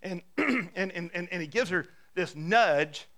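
A man preaching a sermon as pastor, telling stories in a conversational, animated way with frequent restarts. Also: high voice, a little slow.

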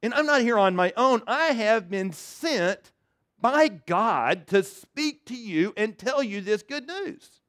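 A man voicing a proud, indignant male archangel, booming and drawn-out, in a sermon retelling. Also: expressive, a bit bright, exaggerated voice.

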